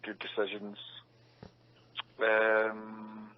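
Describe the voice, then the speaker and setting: A man's voice: fairly low pitch, monotone, extremely slow. A young man who is an actor, chatting casually in an interview, laughing often and acting out quotes. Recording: dull lo-fi sound.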